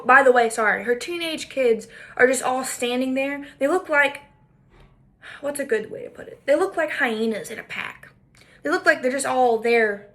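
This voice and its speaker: A woman with a high voice tells a story as a commentary monologue. She is emphatic and indignant. She repeats her points for weight. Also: a bit bright. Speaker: podcaster.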